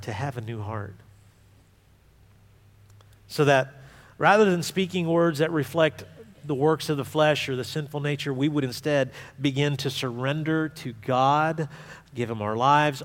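A man preaching a sermon as a pastor, talking to the congregation in a conversational way that swings between forceful emphasis and quiet asides. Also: mid-range voice. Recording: long hall reverb.

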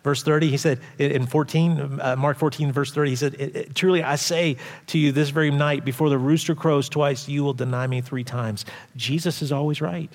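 A man preaching a sermon as pastor, animated, acting out quoted voices loudly and dropping to quiet asides. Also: on the high side, a little fast, hardly any pauses. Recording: long hall reverb.

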